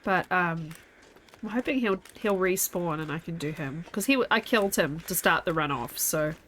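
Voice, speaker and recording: A woman's voice: fairly low pitch, expressive, normal speed, fairly bright tone, slight background noise. A young woman streaming a game, chatting casually with her viewers while sleepy and yawning. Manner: chatty, rambling, talks to chat. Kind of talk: casual gameplay chat.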